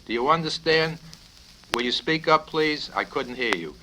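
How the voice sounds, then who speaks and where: A man's voice: a little high, lively intonation, normal speed, voice pushed up, lightly acted. A man doing a roaring, bullying army colonel. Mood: furious. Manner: bellowing, profane, repetitive. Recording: crackly vinyl LP with clicks.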